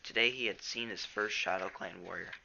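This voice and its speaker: A man's voice: low-pitched, steady tone, fairly quick, creaky, pushed and bright, dull audio, slight background noise. A teenage boy reading a novel aloud at home, plainly, with small stumbles. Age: teens. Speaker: reader.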